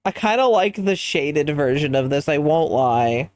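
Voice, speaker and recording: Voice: mid-range voice, expressive, unhurried, darkish tone, no echo. A livestreamer chatting casually while designing a character, thinking aloud and answering chat in a musing way.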